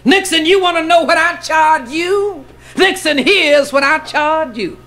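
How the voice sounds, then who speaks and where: A defiant, sharp-tongued woman, as a male comedian puts her on, setting out terms in a very high, bright voice. She speaks slowly and cuttingly, climbing into shouts. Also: exaggerated voice. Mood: scornful.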